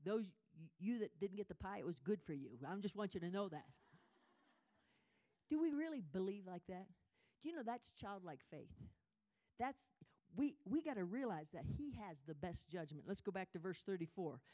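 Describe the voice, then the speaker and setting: Woman, Bible study speaker, earnest conversational preaching, emotional testimony, reads scripture slowly. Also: mid-range voice, animated, mellow. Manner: emotional, conversational storytelling that asks the audience questions; leads listeners in reading scripture aloud, slow and emphatic. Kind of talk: sermon with personal testimony.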